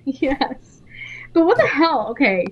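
A woman co-hosting a casual fan chat, animated and blunt. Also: sits high, slow. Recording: dull lo-fi audio.

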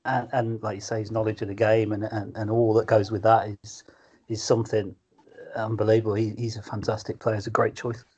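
A man's voice: lowish voice, flat delivery, brisk, a little mellow, slightly rough. A man in casual chat who laughs often while agreeing and adding stories.

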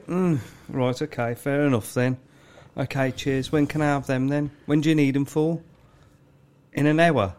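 A man's voice: on the high side, a little slow, darkish tone. A man in his thirties, co-hosting a podcast, telling crude anecdotes with lots of swearing and grunting impressions. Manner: swears freely, acts out customers with grunts. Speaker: podcast co-host. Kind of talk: crude casual banter.

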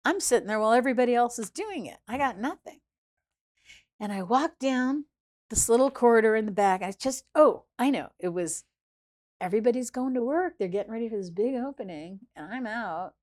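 Animated woman telling a story. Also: on the high side, fairly quick. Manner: animated, acts out quoted voices, swings between hushed and loud. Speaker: chef and restaurant founder, guest. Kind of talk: casual interview storytelling.

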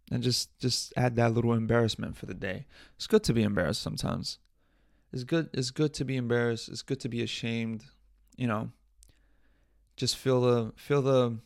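Gravelly man rambling on a podcast. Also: medium pitch, moderate pace, long pauses, no echo, clean studio sound. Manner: rambling, joking, frequent swearing and self-talk. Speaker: podcast host. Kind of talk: solo casual podcast rambling.

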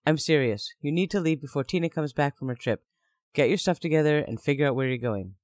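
A man's voice: a little high, brisk, dry recording, clean studio sound, close to an everyday voice. A man reading the lines of a volatile young man who speaks in a curt, cutting way. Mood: cold. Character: cold, volatile young man turning on his partner.

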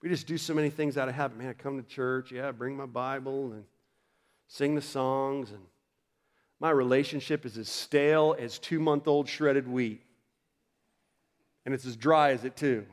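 A man's voice: medium pitch, fairly even intonation, normal speed. A man preaching a sermon in a conversational style, acting out quoted voices and building to emphatic peaks. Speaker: pastor.

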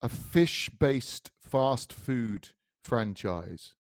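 A man's voice: mid-range voice, animated, very slow, a little mellow, no echo, clean studio sound. A man co-hosting a comedy podcast who teases his partner in a playful, incredulous way. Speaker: podcast co-host. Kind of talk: casual comedic chat.

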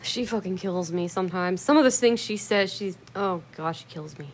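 A woman's voice: lowish voice, moderate pace, a little hiss or hum. A woman vlogger chatting in a rambling, casual way, blunt and swearing freely, with hearty laughter.

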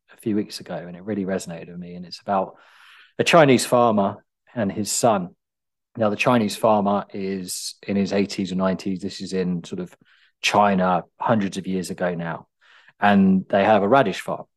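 A man giving a calm, reflective motivational talk, telling a story in a conversational way. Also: on the low side. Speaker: self-help speaker.

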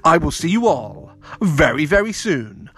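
A man's voice: fairly high pitch, unhurried, faint music behind. A man reading a children's audio story aloud, playful and talking to the kids directly. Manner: animated, playful, addresses children.

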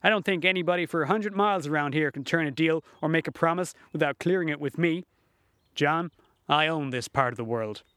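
A man's voice: a little high, fairly quick, fairly bright tone, no echo, clean studio sound, close to an everyday voice. A man reading the part of an arrogant, domineering rich man who boasts and sneers. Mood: boastful.

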